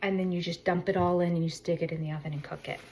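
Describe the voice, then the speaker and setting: A woman's voice: fairly low pitch, fairly even intonation, quick pace, noisy background. A middle-aged woman chatting casually in a vlog, telling a rambling story and correcting herself as she goes. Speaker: vlogger. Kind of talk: casual chat.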